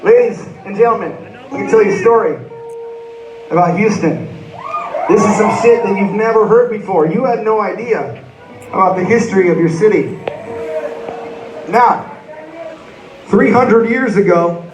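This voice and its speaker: A man's voice: high voice, moderate pace, long pauses, lo-fi sound, noisy background. A rock band frontman doing profane, rambling onstage banter between songs at a live concert. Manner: profane, rambling, joking storyteller. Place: large concert hall stage. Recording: echoey, distant audience recording.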